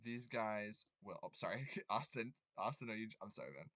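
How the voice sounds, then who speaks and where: A young man running a tabletop game as game master, rambling with many ums and quick apologies. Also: on the low side, fairly bright tone, no echo.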